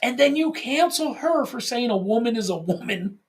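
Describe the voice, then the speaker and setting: A man's voice: very high-pitched, lively intonation, moderate pace. A man co-hosting a casual podcast, talking animatedly, swearing freely and restarting his phrases. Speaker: podcast co-host.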